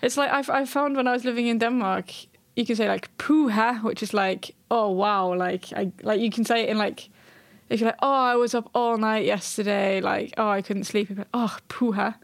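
A woman chatting on a podcast as a guest, bubbly and quick to laugh. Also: mid-range voice, fairly even intonation, dry recording. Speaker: journalist guest. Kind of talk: casual chat.

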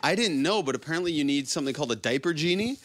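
Animated, bright-voiced man telling a story. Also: fairly high pitch, rapid-fire, dry recording. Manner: animated, profane, laughs through the story. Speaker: podcast host telling a story. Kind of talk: casual storytelling.

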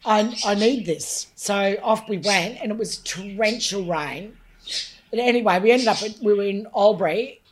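A woman with an Australian accent, a guest comedian telling bawdy stories in a casual chat, loud and quick to laugh. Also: mid-range voice, slight background noise.

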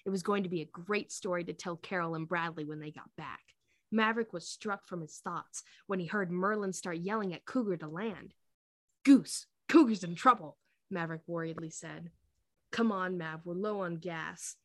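A woman's voice: lowish voice, normal speed, fairly bright tone, dry recording, clean studio sound. A woman co-hosting a podcast, reading fanfiction aloud in a casual way with laughing asides.

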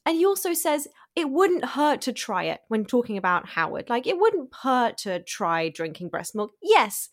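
A woman's voice: fairly high pitch, big pitch swings, normal speed, few pauses. A woman co-hosting a podcast, talking in a blunt, indignant way and swearing now and then. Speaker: podcast co-host. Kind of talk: casual review chat.

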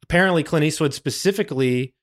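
A man's voice: fairly high pitch, fast. A man co-hosting a podcast, retelling a film scene by scene in casual chat, swearing freely and acting out the characters' lines. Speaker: podcast co-host.

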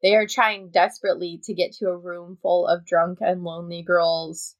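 A woman's voice: on the low side, flat delivery, normal speed, no room sound. A young adult woman hosting a podcast in casual chat, talking freely and laughing often as she acts out her own reactions. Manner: chatty, laughs often, quotes herself in asides. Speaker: podcast host.

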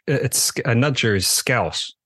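A man's voice: mid-range voice, animated, takes it slowly, fairly bright tone, dry recording. A man co-hosting a podcast in casual chat, hesitant and often repeating words. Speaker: podcast co-host.

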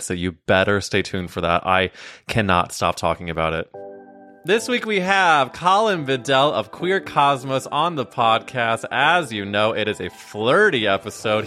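A man's voice: on the low side, pushed and bright, no echo, studio quality. A man hosting a podcast in a playful, gushing, flirty manner. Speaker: podcast host. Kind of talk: casual podcast chat.

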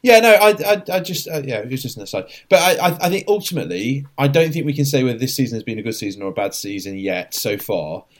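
Man, lively swooping pitch, rambling football chat, lots of restarts. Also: fast talker, hardly any pauses. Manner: rambling, many restarts and asides. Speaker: podcast co-host.

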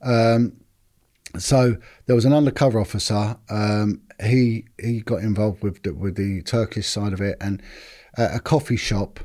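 A man's voice: fairly low pitch, a little slow. A man, a former detective telling stories casually on a podcast and acting out what others said. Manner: animated, repeats words, acts out quotes.

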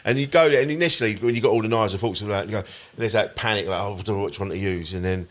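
A man's voice: lowish voice, racing. A man, a podcast co-host chatting in a rambling, jokey way. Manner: rambling, jokey, restarts often. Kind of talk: casual podcast chat.

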